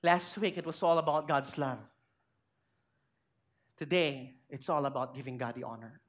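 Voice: medium pitch, fairly even intonation, moderate pace. A pastor preaching a sermon in church, making emphatic points and putting rhetorical questions to the congregation.

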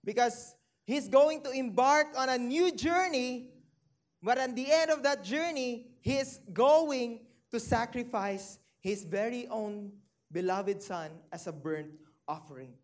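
Preacher doing a sermon, mid-pitched voice, reads scripture then asks the crowd questions, drags out key words slow. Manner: slows down and stretches key phrases for emphasis; drops low and quiet on sad points, rises on excited ones.

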